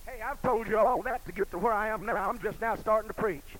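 A man preaching a sermon in a rhythmic delivery, swinging between hushed lines and shouts. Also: sits high, brisk, low-quality recording. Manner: shouting, rhythmic, rising and falling. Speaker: pastor.

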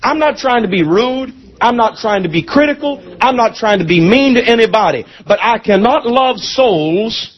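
A man preaching a fiery sermon, passionate and deliberate, at times slowing to hammer a point and at times shouting. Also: very high-pitched, lively intonation. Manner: impassioned, shifts between deliberate slow emphasis and shouting. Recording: dull lo-fi sermon tape.

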